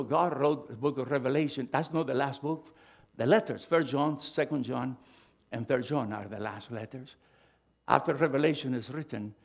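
A middle-aged male pastor preaching a sermon, swinging from loud, emphatic bursts to hushed asides. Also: medium pitch.

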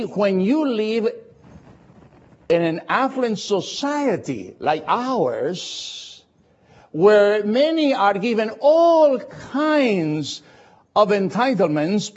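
A man preaching a sermon in English, slow and emphatic, repeating phrases for effect. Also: sits high, highs cut off. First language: Spanish.

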